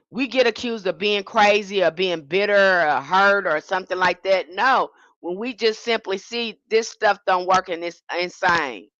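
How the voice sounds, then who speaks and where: Impassioned woman, bright voice. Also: medium pitch, no echo, lo-fi sound. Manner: emphatic, indignant, with frequent restarts. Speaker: livestream host. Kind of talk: impassioned livestream monologue.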